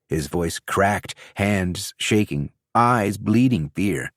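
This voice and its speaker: Slow, low-voiced male storyteller. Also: no echo, studio quality. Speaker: audiobook narrator. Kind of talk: scripted narration.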